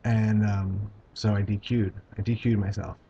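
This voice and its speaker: A man vlogging about his own experience, talking in a halting, hesitant way with many pauses and restarts. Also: on the low side, flat delivery, creaky, warm tone, a little hiss or hum. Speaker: video blogger. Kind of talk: casual personal recount. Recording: dull lo-fi home video sound.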